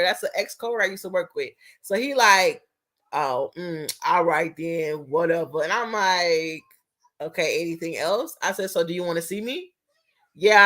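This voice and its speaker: A young woman talks straight to her viewers in a loose, animated storytelling voice. She is blunt and swears freely, and she jumps between her own lines and the other person's lines as she retells a conversation. Her pitch sits in an ordinary middle range. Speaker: vlogger.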